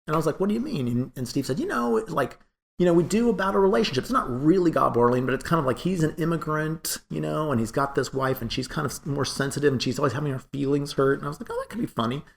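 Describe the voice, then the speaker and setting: A man's voice: on the high side, quick pace, vocal fry. A man being interviewed and recalling a working relationship, telling it as a story and acting out what others said. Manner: animated storytelling, acting out quoted dialogue. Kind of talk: oral-history interview recollection.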